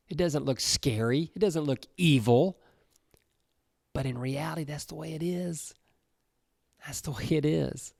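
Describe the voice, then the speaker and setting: Earnest man with a gravelly voice. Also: mid-range voice, no echo, clean studio sound. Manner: earnest and conversational, with many fillers. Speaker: youth podcast host. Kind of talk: informal youth devotional talk.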